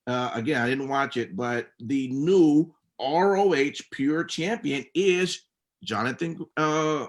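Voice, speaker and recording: A man co-hosting a laid-back wrestling podcast, reading out rules and then drifting into loose, filler-heavy talk. His voice sits at an ordinary middle pitch for a man. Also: slow pace. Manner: reads rules out then rambles with many fillers. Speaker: podcast co-host recapping wrestling. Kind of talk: casual podcast chat.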